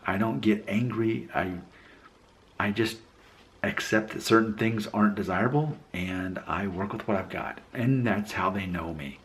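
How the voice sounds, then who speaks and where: A man with a very low voice tells a personal story to his channel. He talks reflectively and rambles, often stopping to correct himself mid-sentence. He grew up in Alabama and has no regional accent. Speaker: vlogger. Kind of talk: casual storytelling vlog.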